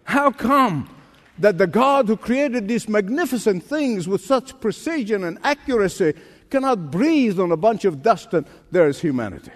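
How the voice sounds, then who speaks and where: A man preaching a sermon with emphatic delivery, drawing out key phrases and swinging his pitch up and down for emphasis. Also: very animated, normal speed, long reverb tail. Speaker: pastor.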